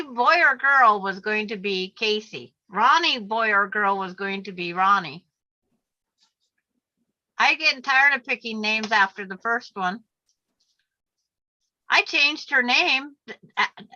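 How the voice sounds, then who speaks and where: Bright-voiced older woman on a video call. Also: fairly high pitch. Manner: chatty, storytelling, laughs easily. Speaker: craft channel host. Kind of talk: casual chat while crafting. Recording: muffled video call audio.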